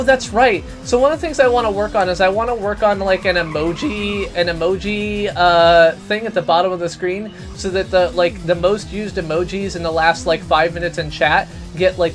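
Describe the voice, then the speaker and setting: A man hosting a live game stream, chatting casually and ranting loudly in rambling asides. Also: high voice, steady tone, brisk, few pauses, faint music behind.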